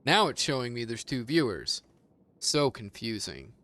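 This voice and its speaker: A man's voice: mid-range voice, sing-song, measured pace, pushed and bright. A man chatting casually on his game stream, rambling, swearing freely and laughing often. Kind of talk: casual gaming stream chat.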